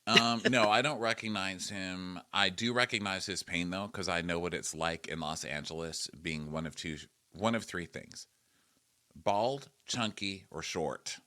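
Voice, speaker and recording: A middle-aged man co-hosting a podcast in casual chat, animated and fond of sudden impressions. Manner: animated, breaks into quick high impressions. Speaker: podcast co-host.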